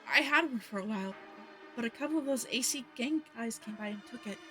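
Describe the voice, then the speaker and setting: A woman's voice: on the high side, fast talker, sharp tone, soft background music. A woman voicing a meek, fidgety man who sleeps in a hole in the wall, talking sheepishly.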